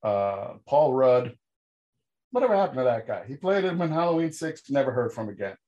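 A man co-hosting a podcast, recapping a horror movie with sarcastic jokes. His voice sits mid-range, and he leaps suddenly upward in pitch when he lands a punchline. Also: moderate pace, muffled recording. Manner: animated sarcastic storytelling with sudden pitch jumps. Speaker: podcast co-host. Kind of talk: casual comedic film review chat.

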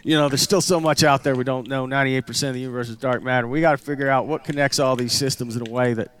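A man putting on a rural redneck voice, rambling in a slow drawl. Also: sits high, fairly bright tone, clear, resonant tone, pitched above the performer's own voice.

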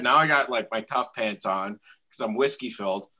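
Guy in his 30s with a bright, lowish voice, swearing and laughing through a story. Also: a little fast. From Canada. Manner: laughing, profane, animated storytelling. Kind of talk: casual storytelling.

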